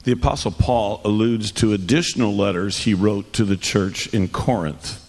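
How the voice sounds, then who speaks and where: A man with a fairly low voice reads questions aloud to a pastor in a plain, steady way. The sound has a long hall reverb. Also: moderate pace. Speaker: interviewer reading questions.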